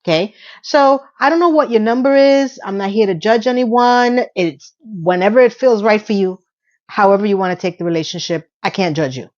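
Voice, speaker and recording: A woman host giving a casual episode recap, chatty and sassy, with playful asides and quick self-corrections. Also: medium pitch, a little mellow, lo-fi sound. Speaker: video host.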